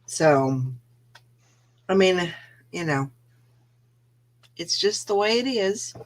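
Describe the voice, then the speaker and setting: A woman's voice: on the low side, lively intonation, slow. A woman co-hosting a casual live-stream morning show, laughing easily and trailing off mid-sentence. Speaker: co-host of a reseller morning show.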